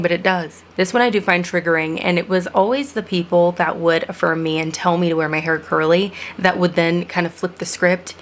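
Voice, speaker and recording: Young woman vlogging, lowish voice, earnest w/ some sarcasm, faint background hiss. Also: a bit bright. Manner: earnest, reflective, with sarcastic asides. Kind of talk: personal vlog monologue.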